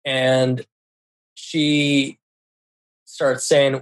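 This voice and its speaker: A man telling a personal story in casual speech, often stopping to repeat words or restart a sentence, with a louder voice when quoting others and a very soft one for soothing lines. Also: medium pitch, monotone, slow pace, long pauses. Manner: quotes others in a raised voice and drops very quiet for soothing lines.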